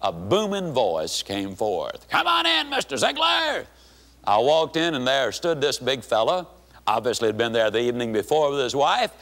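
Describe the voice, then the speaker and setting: A man giving a storytelling speech in a folksy, animated manner. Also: mid-range voice, normal speed. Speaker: speaker.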